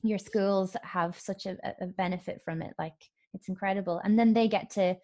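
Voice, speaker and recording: A woman's voice: mid-range voice, fairly even intonation, moderate pace, dark tone. A woman podcast host with a mid-range voice. She talks in an effusive, exclamatory way, heaping praise on her guest. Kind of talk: casual conversational interview.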